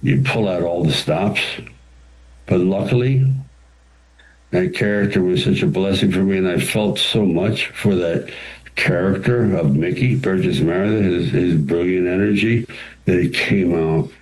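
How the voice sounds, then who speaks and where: A very low-pitched older man recounts stories as an interview guest. He talks with animation and acts out the quoted lines himself. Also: measured pace, darkish tone, poor audio. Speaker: interview guest, actor and writer. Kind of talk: storytelling interview answers.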